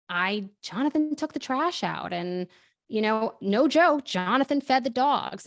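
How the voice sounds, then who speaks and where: A woman hosting a conversational podcast interview, animated and quick to get heated. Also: mid-range voice. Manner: animated, speeds up and swears when heated. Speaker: podcast host.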